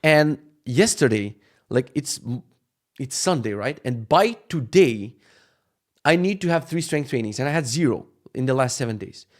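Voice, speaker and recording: A man in his thirties telling a casual story to camera for his vlog, animated and profane, acting out quotes along the way. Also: mid-range voice, normal speed. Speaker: vlogger.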